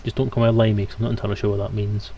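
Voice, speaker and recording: A man's voice: fairly low pitch, level tone, very fast, highs cut off, a little hiss or hum. A British man from Scotland, streaming a game and chatting casually with his viewers as he plays. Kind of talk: casual live-stream gaming commentary.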